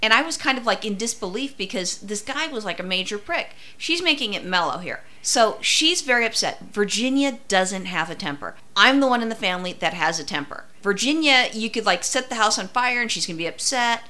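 Woman co-host, blunt and foul-mouthed, bright sharp voice. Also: mid-range voice, animated, a little fast, hardly any pauses. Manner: blunt, profane interjections. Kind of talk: casual chat.

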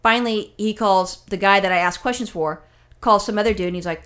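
A woman's voice: mid-range voice, fairly quick, fairly bright tone, smooth. A woman telling a long exasperated story in casual chat, swearing often and acting out both sides of the exchange. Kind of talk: casual chat, ranting anecdote.

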